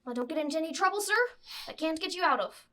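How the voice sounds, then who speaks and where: A woman's voice: sits high, expressive, fast talker, pushed and bright, pitched above the performer's own voice. A woman playing a long-serving male groom in a tabletop role-play, answering his employer in a dry, polite way. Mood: dry deferential.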